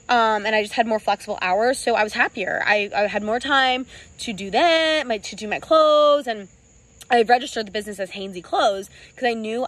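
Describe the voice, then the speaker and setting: A young woman in her twenties, the founder of a small clothing brand, telling her own story in a vlog, earnest and halting, with many ums and restarts, close to tears at times. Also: mid-range voice, fairly bright tone, low-quality recording.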